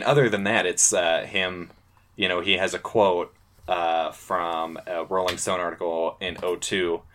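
Deep-voiced laid-back man hosting. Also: a bit bright. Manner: laid-back, trails off with fillers. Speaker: podcast host. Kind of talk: casual chat.

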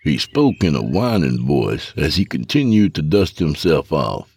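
A man narrating a first-person story in an expressive, dramatic reading. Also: a bass voice, normal speed, gravelly, slightly rough, no echo.

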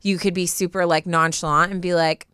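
A young woman with a low-set, very smooth and clear voice, chatting casually as a podcast co-host. She talks loosely, filling her sentences with "like". The sound is close and dry. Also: fairly even intonation, brisk, pushed and bright, no room sound. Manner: chatty, full of "like" fillers. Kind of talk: casual advice chat.

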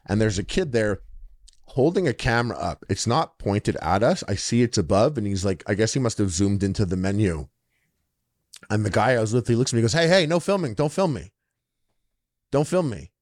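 Lively storytelling man, dry sound. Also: on the low side, a little fast, dry recording. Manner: animated storyteller, acts out quoted people in shifting voices. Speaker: podcast co-host. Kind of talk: casual storytelling chat.

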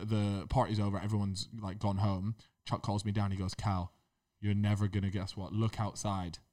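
A young man in a casual podcast chat, telling a story in slangy, animated bursts with lots of repeated fillers. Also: lowish voice. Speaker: podcast co-host.

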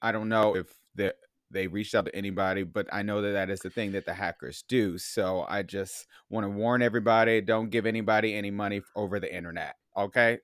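A man's voice: on the low side, fairly even intonation, fairly quick, hardly any pauses, a bit bright, no room sound, clean studio sound. A man co-hosting a casual podcast, reacting briefly and giving listeners a plain warning. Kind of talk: casual chat.

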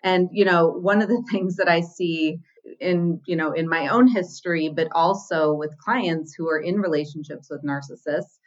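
A woman's voice: sits low, moderate pace, highs cut off. A woman therapist guest explaining relationship patterns and acting out the quoted lines. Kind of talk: casual podcast conversation.

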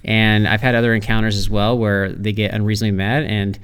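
Smooth-voiced man in casual chat. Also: lowish voice, flat delivery, fairly quick, a bit bright. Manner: firm, explanatory, a little teasing. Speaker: podcast co-host.

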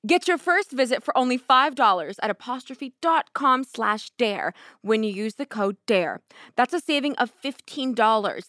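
Sassy young woman, higher voice. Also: fairly bright tone, dry recording, clean studio sound. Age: 20s. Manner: sassy, playful, slangy. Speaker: podcast host. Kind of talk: casual ad reads and monologue.

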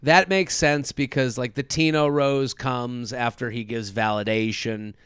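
Male podcast co-host, casual and animated, bright clear tone, dry close mic. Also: mid-range voice, measured pace, dry recording. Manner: animated, acts out quotes in funny voices. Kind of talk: casual recap chat.

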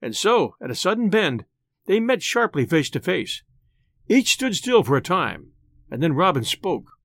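A man narrating a storybook tale in an expressive, old-style storytelling manner. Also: fairly high pitch, a little slow, no room sound.

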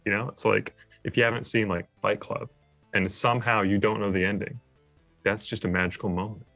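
A man's voice: fairly low pitch, level tone, fairly quick, gravelly, bright, forceful tone, no room sound, faint music behind. A man guesting on a podcast, easygoing and explaining in casual chat.

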